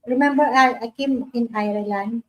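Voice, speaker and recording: A woman's voice: a little high, moderate pace, low-quality recording. A Filipina woman, hosting a casual live-stream chat, talking in an insistent, questioning way with grammar. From Philippines. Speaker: livestream host.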